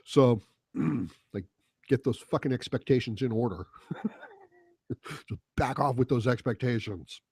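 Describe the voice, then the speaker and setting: A man talking on his own podcast in a loose, rambling way, swearing freely and chuckling between thoughts. His voice sits at an ordinary middle pitch. The sound is close and dry. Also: measured pace, long pauses, darkish tone, slightly rough, no echo. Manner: rambling, profane, chuckles often. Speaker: podcast host. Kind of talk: casual solo podcast monologue.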